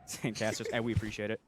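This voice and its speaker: A young man casting a college esports match live, chatty and joking, with excited calls on big plays. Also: lowish voice, brisk, a little hiss or hum. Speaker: esports caster. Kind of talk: live esports play-by-play commentary.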